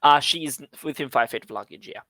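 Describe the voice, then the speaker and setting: A man's voice: mid-range voice, fast, creaky, pushed and bright, no echo. Joking man running a tabletop game. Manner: laughing, loose and joking. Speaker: dungeon master.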